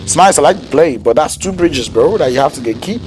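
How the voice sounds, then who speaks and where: A man casting a live esports match play-by-play, casual and joking with slang, rising to excited shouts when fights break out. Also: on the high side, a little fast, a little hiss or hum. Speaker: esports caster.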